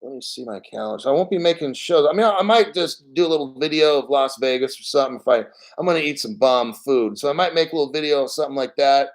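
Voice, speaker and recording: A man's voice: mid-range voice, quick pace, hardly any pauses, low-quality recording. A man hosting a casual crypto stream, rambling bluntly and swearing freely. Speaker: crypto show host. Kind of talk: casual live-stream rant.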